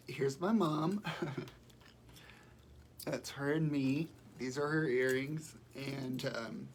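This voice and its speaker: Congested, tearful woman talking slowly. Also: sits low, a little hiss or hum. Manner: emotional, fighting back tears. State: congested with a cold. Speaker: livestreamer. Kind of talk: casual livestream chat. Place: home, indoors. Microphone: phone or webcam on a live video.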